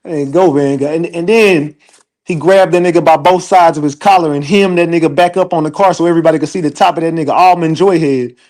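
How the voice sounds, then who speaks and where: A man hosting an online show, giving casual livestream commentary in an animated, profane, laughing storyteller's way. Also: a little high, fairly quick.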